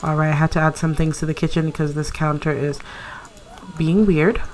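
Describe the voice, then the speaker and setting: Young woman chatting thru a sims let's play, giggly, lowish voice, faint hiss behind. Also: level tone, a little fast, a little mellow. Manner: chatty, giggly, cheering on her character. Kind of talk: casual gameplay commentary.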